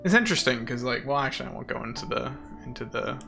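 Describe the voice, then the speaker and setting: A man's voice: mid-range voice, lively intonation, quick pace, creaky, music in the background. A man streaming a game, chatting casually and sarcastically with his chat. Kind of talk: casual chat while gaming.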